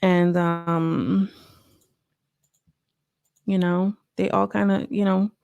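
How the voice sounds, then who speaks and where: A woman chattily recapping a reality TV episode, full of fillers and quick asides. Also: fairly low pitch, little pitch movement, vocal fry, darkish tone, clear, resonant tone, dull audio. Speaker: YouTube reality-show reviewer.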